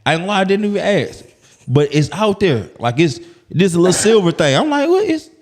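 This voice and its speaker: A man's voice: a little high, a little fast. A man from Alabama with an Alabama accent, a comedian guest chatting casually in an interview and acting out other people's voices as he tells stories. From Birmingham, Alabama. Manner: animated storyteller who acts out other people's voices.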